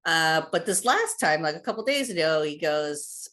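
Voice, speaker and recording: A woman's voice: sits low, animated, normal speed, fairly bright tone. A woman calling in to ask about her son, hesitant and full of fillers. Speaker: caller, parent. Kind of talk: call-in question.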